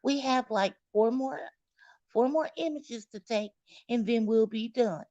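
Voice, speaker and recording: A woman doing a sugary older country nurse, coaxing and sweet-voiced, pitched noticeably higher. She sounds dry and close, a little dull. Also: measured pace, dark tone, no room sound, natural voice.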